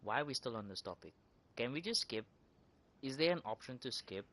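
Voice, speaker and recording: A woman's voice: rumbling low, animated, a little fast. A woman streaming a game, cracking profane jokes and ranting in mock outrage at the characters. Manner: profane, joking, mock-indignant; rambling with repeated words. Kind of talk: casual gaming commentary.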